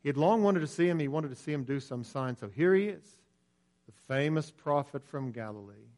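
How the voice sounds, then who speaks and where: An earnest male preacher delivering a sermon. His voice sits fairly high for a man, and he presses his points with emphasis. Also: animated, fairly quick, a little mellow.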